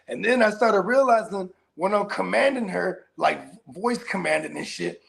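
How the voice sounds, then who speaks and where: A man's voice: sits high, moderate pace, gravelly. A man co-hosting a casual podcast chat, telling stories with acted-out quotes and frequent laughter. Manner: animated storyteller, acts out quotes, laughs often. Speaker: co-host.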